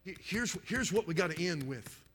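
A man's voice: high voice, animated, normal speed, breathy edge, big-room sound. Man preaching with wild, swooping dynamics. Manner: swings from shouting to near-whispers; repetitive emphatic preaching cadence. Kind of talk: sermon. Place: church meeting, live stream.

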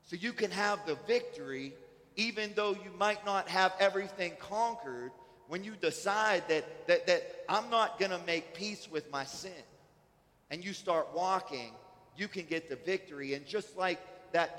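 A male pastor with a high voice gives an earnest, conversational sermon and often stumbles and restarts his phrases. His voice rings through a church hall with a long, lingering reverb. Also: measured pace, fairly bright tone.

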